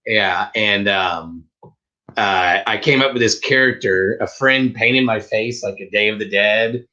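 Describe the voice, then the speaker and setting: Co-hosting a reselling live show, this man speaks in a lowish, pushed, bright voice at a slightly slow pace. He's playful and chatty, slipping into silly voices, and the stream audio is dull and lo-fi.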